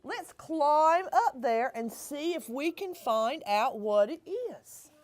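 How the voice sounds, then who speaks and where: A cheerful little frog chatters in a bouncy storybook voice, put on by a woman reading aloud. He sits high and swings his pitch widely. His manner stays friendly and eager. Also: lively intonation, slow pace.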